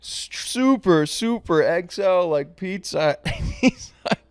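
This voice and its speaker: Podcast guy rambling through a funny story, keeps cracking up, smooth clear voice, totally dry sound. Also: sits high, expressive, takes it slowly, no room sound. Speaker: podcast co-host. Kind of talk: casual chat.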